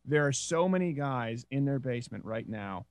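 A man's voice: mid-range voice, expressive, normal speed, dry recording. A man hosting a casual comedy podcast, joking and teasing his guests. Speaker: host.

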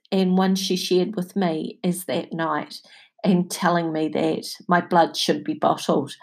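A middle-aged woman hosting a podcast, sharing personal stories in a chatty, heartfelt way and laughing softly now and then. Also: on the low side. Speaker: podcast host. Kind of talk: reflective personal talk.

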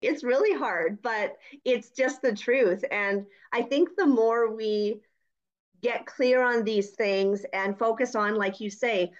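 A woman co-host with a slightly high voice talks through parenting in an earnest, reflective way. Her audio comes across dull and lo-fi, as if the recording has lost its top end. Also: slow pace. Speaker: podcast co-host. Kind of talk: casual chat. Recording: dull, lo-fi sound.

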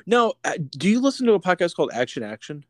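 A man's voice: high-pitched, big pitch swings, fast, no echo, studio quality. A man co-hosting a podcast in casual chat, rambling and swearing freely with many restarts. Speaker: podcast co-host.

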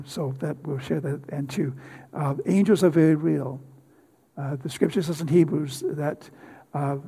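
An older man preaching a sermon with personal testimony, halting often with fillers and repeated words. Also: fairly high pitch, gravelly, warm tone, slightly rough.

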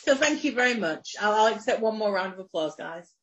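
A woman's voice: mid-range voice, expressive, a little fast, background noise. A woman co-hosting a podcast in casual chat, laughing often and swearing playfully. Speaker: podcast co-host.

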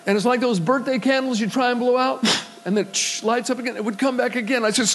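A man's voice: very high-pitched, brisk, a bit bright, poor audio. A male pastor preaching a sermon, telling stories and acting out the voices of the people in them, building to emphatic preaching. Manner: storytelling, acts out quoted voices, swells to emphatic preaching.

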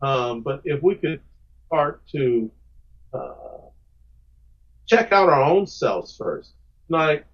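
A man's voice: a little high, expressive, slow, pauses often, muffled recording. A man answering podcast interview questions about his comics, earnest and emphatic, often repeating words as he starts a thought. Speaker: guest comic book creator.

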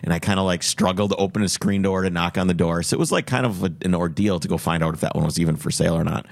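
A man from Minnesota, co-hosting a casual chat and telling a rambling, lively story. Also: low-pitched, racing, vocal fry. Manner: rambling, animated storyteller with frequent "like" fillers. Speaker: podcast co-host.

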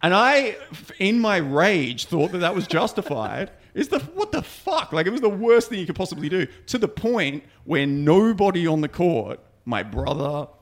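A young man with a gravelly edge to his voice, telling stories in casual podcast chat. He swears freely and gets animated as he goes. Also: high-pitched, moderate pace, hardly any pauses. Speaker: podcast co-host.

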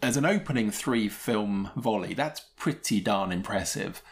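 A man co-hosting a podcast offers chatty, opinionated film reviews in a lowish voice, speaking at a measured pace with an animated delivery. He laughs often during the casual conversation.

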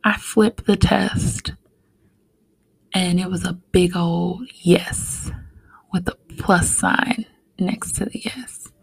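A young woman, a podcast guest, telling a personal story in a soft-spoken, heartfelt way with many fillers. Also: fairly low pitch, fairly even intonation, slow pace, creaky, slightly rough, no room sound, low-quality recording.

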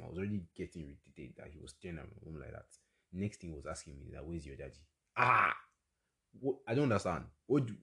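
A young man with a Nigerian accent hosting a casual solo storytelling podcast, chatty and exclamatory with quick asides. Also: fairly low pitch. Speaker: podcast host.

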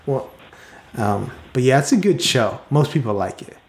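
American male host, loose and rambly, average pitch, roomy echo. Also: very animated, normal speed. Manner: rambling, heavy use of "like" fillers. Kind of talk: casual chat. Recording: echoey room.

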